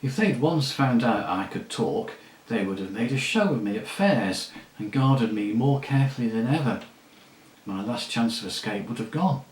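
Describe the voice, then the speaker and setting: A proud talking war horse with a brisk, bossy edge and a scornful streak, as a man reads him out in a storybook. The voice sits at an ordinary male pitch and echoes a little in a roomy space. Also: expressive, close to an everyday voice. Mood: brisk, commanding. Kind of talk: audiobook reading.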